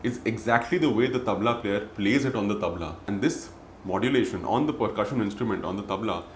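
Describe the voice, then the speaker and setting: A man teaching a music lesson, breaking off to chant syllables and counts in a steady rhythm. His voice sits fairly low. The room gives it a noticeable echo, with faint noise behind. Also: brisk. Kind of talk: spoken music lesson with recitation.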